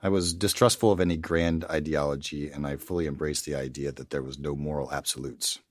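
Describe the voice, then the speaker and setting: 嗓音极低沉的男士讲述亲身经历. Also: male voice, rumbling low, fairly even intonation, fairly quick, no room sound, clean studio sound. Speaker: testimonial speaker.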